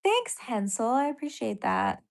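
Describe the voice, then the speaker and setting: A woman's voice: a little high, very animated, measured pace, creaky. Woman streamer rambling w her chat, reads comments out, laughs a lot. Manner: chatty, reads viewer comments aloud, laughs often. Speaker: livestream host. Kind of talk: casual live-stream chat.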